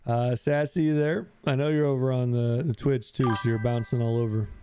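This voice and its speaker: A man hosting a live online audio chat, upbeat and quick to laugh as he calls on speakers by name. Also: mid-range voice, fairly even intonation, warm tone, faint music behind. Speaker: host of a live audio space. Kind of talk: casual live-stream chat.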